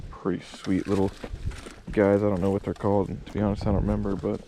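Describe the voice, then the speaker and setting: A man's voice: fairly low pitch, completely flat delivery, fast talker. A man casually vlogging on a hiking trail, talking to his viewers as guys, joking and chatty. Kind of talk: casual travel vlog. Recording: noisy outdoor recording.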